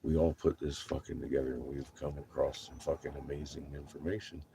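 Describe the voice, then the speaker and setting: A man's voice: very deep voice, flat delivery, fairly quick, gravelly, background noise. A man ranting profanely to his viewers in a rambling monologue, laughing between lines. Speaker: livestreamer.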